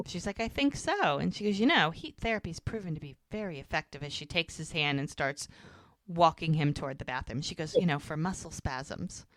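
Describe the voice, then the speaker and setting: A woman's voice: low-pitched, a little fast, no echo, clean studio sound. A woman casually recapping a TV episode on a podcast, acting out the characters' lines as she goes. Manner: animated retelling, quoting characters with "she's like". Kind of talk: casual chat.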